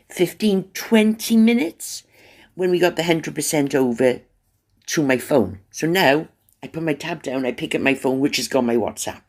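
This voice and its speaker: A radio show host telling a long, chatty story in a casual, rambling way, full of fillers and sudden jumps in pitch. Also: male voice.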